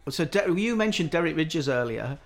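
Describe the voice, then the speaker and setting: Middle-aged male storyteller, gravelly and lively, chatty anecdotes. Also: fairly high pitch, moderate pace. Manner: animated storytelling, acting out quoted voices. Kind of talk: casual anecdotal chat.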